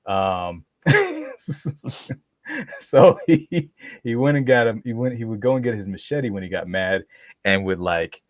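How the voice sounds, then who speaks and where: A medium-pitched man hosting a podcast tells a story slowly, with long pauses, though he stays animated, laughing often and acting out quoted voices in casual chat. No echo is present.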